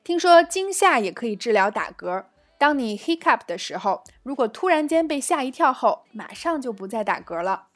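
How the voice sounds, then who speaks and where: High-voiced woman teaching phrases. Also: very animated, faint music behind. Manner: reads dialogues slowly, then explains in Chinese. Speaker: English teacher. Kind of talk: scripted English lesson.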